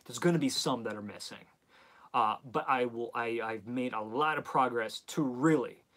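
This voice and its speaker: A man's voice: mid-range voice, fairly bright tone. A man with a head cold, hosting a live stream in a rambling, self-mocking, chatty way. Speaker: host.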